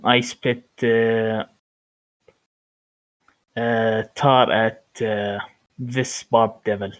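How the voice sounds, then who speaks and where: A man's voice: fairly low pitch, level tone, a bit bright, low-quality recording. A man playing a tabletop game, hesitant and full of fillers. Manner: slow, hesitant, many fillers. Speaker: player.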